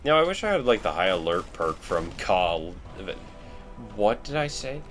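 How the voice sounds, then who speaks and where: A man's voice: fairly low pitch, very animated, a little slow, fairly bright tone, soft background music. A man rambling in casual, self-deprecating commentary while he plays a video game. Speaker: let's play host.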